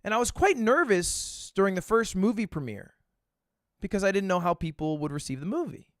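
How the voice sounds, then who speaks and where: A man voicing a polite, gracious young actress in a story, with a gentle, reassuring manner. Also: high voice, expressive, a little fast, no echo, studio quality.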